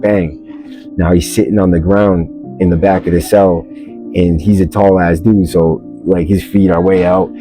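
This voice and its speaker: A man's voice: sits low, warm tone, low-quality recording. A man hosting a podcast, telling a story casually in blunt street slang and calling the listener bro. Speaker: podcast host.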